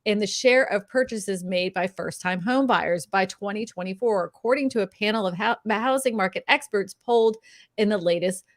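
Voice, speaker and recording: A woman hosting a casual live stream, upbeat and quick to laugh, talking with many fillers and restarts. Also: mid-range voice. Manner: laughs often, upbeat and chatty; filler-heavy, restarts often. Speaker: real estate live stream host.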